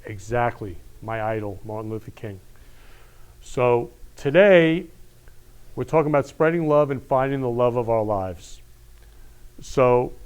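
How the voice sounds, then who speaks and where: A man's voice: medium pitch, clear, resonant tone. Effusive man hosting a live show. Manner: effusive, repeats "I love you" often. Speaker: host. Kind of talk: emotional live-stream show talk.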